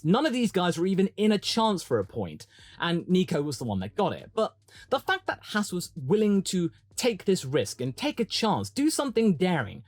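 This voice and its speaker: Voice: medium pitch, no room sound. A motorsport commentator delivering a chatty opinion monologue, often breaking into dramatic quoted asides.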